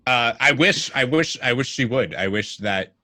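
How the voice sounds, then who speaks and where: A man's voice: medium pitch, lively intonation, normal speed, sharp tone, dry recording. A man guest on a podcast, telling a casual story with many filler words. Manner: rambling, lots of "like" fillers.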